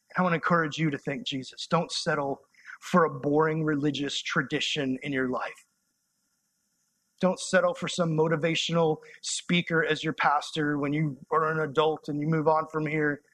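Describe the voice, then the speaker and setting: Young guy youth pastor preaching, fired up then going soft and close, fairly high voice. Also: steady tone, normal speed. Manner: impassioned, conversational preaching that drops to soft, intimate tones. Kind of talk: sermon.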